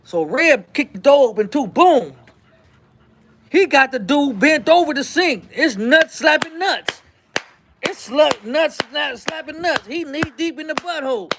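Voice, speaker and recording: High-voiced man telling a wild story. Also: unhurried, slight background noise. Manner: animated, acts out quotes, repeats lines for effect. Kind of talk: casual storytelling.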